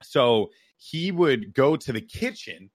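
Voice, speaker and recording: A man from New York telling a childhood story on a podcast, animated and profane, tossing in "right?" as he goes. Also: medium pitch, takes it slowly, no echo, studio quality. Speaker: podcast co-host. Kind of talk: casual storytelling chat.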